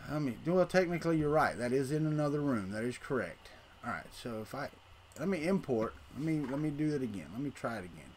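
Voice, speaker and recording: A man's voice: medium pitch, animated, fast talker, darkish tone, slight background noise. A middle-aged man, hosting a casual livestream and rambling to his chat while he tinkers. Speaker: livestream host.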